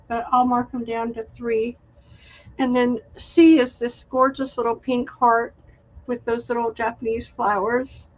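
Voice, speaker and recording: A woman hosting a live online craft sale, chatty and unhurried, showing handmade items and reading out winning bidders. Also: on the high side, highs cut off. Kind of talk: live online sales stream.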